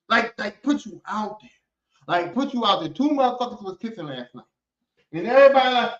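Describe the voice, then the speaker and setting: A man hosting a podcast, ranting casually and profanely in an animated way, and slipping into other voices to act out people he quotes. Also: high-pitched, fast talker. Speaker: podcast host. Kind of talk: casual comedic rant. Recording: echoey room, dull lo-fi sound.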